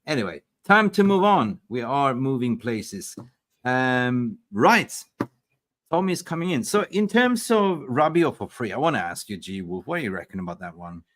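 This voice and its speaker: A man chatting as host of a fan live stream, talking casually into a streaming mic. He is excitable, laughs often and swears freely, and his pitch jumps around a lot. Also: normal speed.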